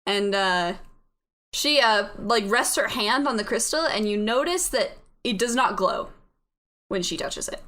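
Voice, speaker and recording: A woman's voice: mid-range voice, lively intonation, a little slow, pushed and bright. A woman narrating as game master of a tabletop game, often repeating words and stumbling as she goes.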